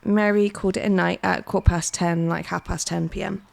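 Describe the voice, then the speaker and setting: A woman's voice: fairly low pitch, fairly even intonation, fairly quick, creaky. Laughing, swearing British woman podcaster. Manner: laughs a lot, swears freely. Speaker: podcast co-host. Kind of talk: casual chat, true crime storytelling.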